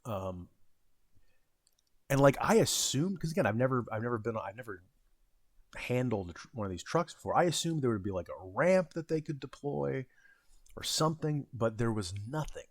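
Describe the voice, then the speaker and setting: A man in his thirties, a vlogger, casually tells a meandering, self-mocking story about working in retail, with lots of fillers and restarts. His medium-pitched voice is expressive and moves at a normal speed, captured in a dry recording.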